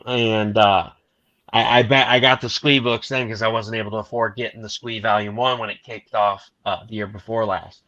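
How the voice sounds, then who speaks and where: A man's voice: lowish voice, normal speed, no room sound, lo-fi sound. A middle-aged man hosting a casual panel chat, rambling through anecdotes with laughs. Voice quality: bright, animated storytelling. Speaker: host.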